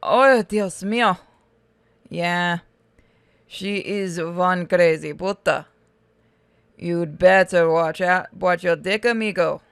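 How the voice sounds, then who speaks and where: A woman voicing a hulking, crude male convict, drawling slowly. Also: fairly low pitch, vocal fry, smooth, no room sound. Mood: blunt.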